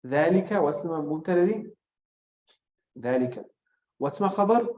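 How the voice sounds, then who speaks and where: A man teaching an Arabic grammar class, explaining step by step, quizzing his students with questions and reciting short Arabic phrases quickly. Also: a little high, a little mellow. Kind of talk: classroom lesson. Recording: echoey room, dull lo-fi sound.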